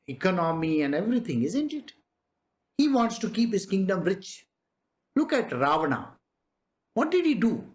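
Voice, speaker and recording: A man with a high voice teaches a spiritual discourse in a conversational style. He frequently poses rhetorical questions and chuckles as he goes.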